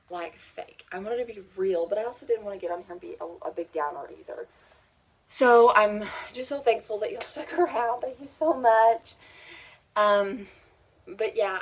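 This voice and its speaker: In a casual sit-down chat, a woman who vlogs as a homeschooling mom rambles heartfelt and close to tears, restarting often and saying "like" a lot. Her voice is mid-range, and the recording quality is low.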